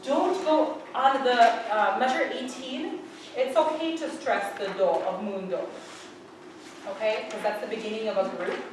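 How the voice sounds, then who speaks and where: Woman choir conductor, upbeat and chatty, fairly high voice, echoey hall, recorded from afar, room noise. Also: normal speed, recorded from a distance. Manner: upbeat, chatty, sings syllables to demonstrate. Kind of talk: choir rehearsal teaching. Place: large rehearsal hall. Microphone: far camera.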